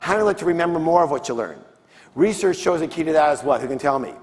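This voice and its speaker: Animated and rapid-fire, a slightly high-voiced man gives a motivational seminar from the stage of a large conference hall. He pulls call-and-response answers from the crowd, with the long reverb of the big hall in the recording.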